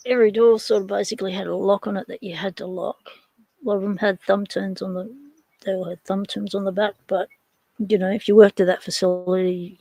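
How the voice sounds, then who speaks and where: A woman's voice: medium pitch, gravelly, warm tone, husky, dry recording, poor audio. An Australian woman hosting a casual livestream, rambling and chatting with viewers while she takes hardware apart. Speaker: livestream host.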